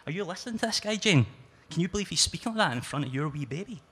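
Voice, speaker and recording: A man's voice: on the high side, animated, racing, fairly bright tone, husky, voice pushed up, exaggerated voice. A Scottish man reading aloud, voicing a lazy, cocky young man with cheeky, laddish banter.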